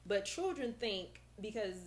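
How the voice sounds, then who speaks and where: A woman therapist, a guest on a podcast, explaining in a lively, casual way and acting out how she talks with her young clients. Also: medium pitch, unhurried.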